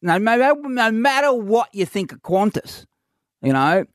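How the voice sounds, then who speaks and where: Middle-aged Australian male host, slightly higher voice, dry close mic, animated storyteller. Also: a little slow, no echo. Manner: animated anecdote telling with laughs and acted quotes. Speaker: radio comedy host. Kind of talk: casual storytelling chat.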